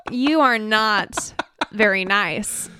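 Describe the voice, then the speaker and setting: Smooth-voiced woman podcast host, sniffly. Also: medium pitch, drawn-out words, bright, forceful tone, no echo. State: sick and sniffly. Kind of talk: casual chat.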